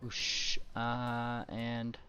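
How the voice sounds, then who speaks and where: A woman narrating a tabletop game as game master, playful and animated. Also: extremely low pitch, very slow, faint music behind. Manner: playful, animated, squeals and laughs.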